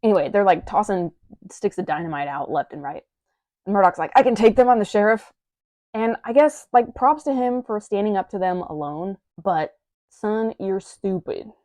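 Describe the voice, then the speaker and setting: A woman's voice: mid-range voice, animated, moderate pace, a little mellow, no room sound, clean studio sound. A young woman reviewing a manga in a chatty, wry manner with playful asides, reading from a script.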